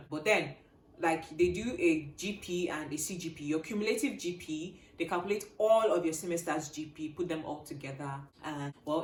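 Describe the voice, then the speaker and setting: A young woman telling a personal story to her viewers, shifting between hushed and loud, animated delivery. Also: low-pitched, echoey room. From Nigeria. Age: young adult. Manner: animated, swings from quiet to loud. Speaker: vlogger.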